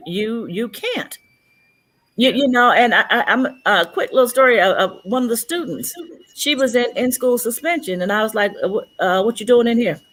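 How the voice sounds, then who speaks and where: A woman telling stories on a casual panel chat, playing out each quoted exchange. Her voice sits fairly high, and she talks in a lively, animated way. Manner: storytelling, acting out quoted dialogue.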